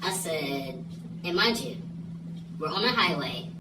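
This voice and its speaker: A man's voice: on the high side, unhurried, far from the mic. A young man telling a funny story in a casual vlog monologue, laughing and checking in with the listener. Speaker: vlogger. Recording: echoey room, voice off-mic, clear hum. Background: steady hum.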